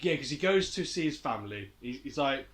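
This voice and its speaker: A man's voice: medium pitch, a little fast. A young man hosting a casual podcast, retelling scenes and acting out the lines with lots of laughter. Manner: animated retelling, acting out quotes, frequent laughter. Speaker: podcast host. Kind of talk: casual chat.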